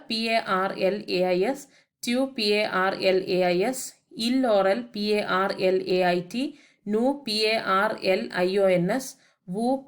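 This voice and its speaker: A woman French teacher giving a methodical grammar lesson voice-over, spelling words out letter by letter and adding English translations. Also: medium pitch. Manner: explains each point with English translations.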